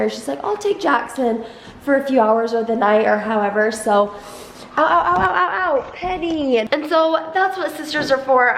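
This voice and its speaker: High-voiced woman rambling in her kitchen. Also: echoey room, a little hiss or hum, low-quality recording. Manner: rambling, heavy use of "like". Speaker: vlogger and mother. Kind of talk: casual vlog talk to camera. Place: home kitchen. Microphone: handheld vlog camera.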